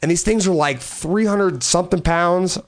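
A man's voice: high-pitched, normal speed. A man in casual chat, telling loose stories with lots of swearing and laughter. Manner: rambling storyteller, swears a lot, laughs often.

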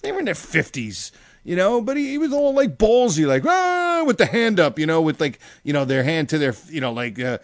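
A man in casual chat, telling stories with lots of swearing and acting out his own shouting. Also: on the high side, brisk, no room sound, studio quality. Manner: profane, animated, acts out his own yelling.

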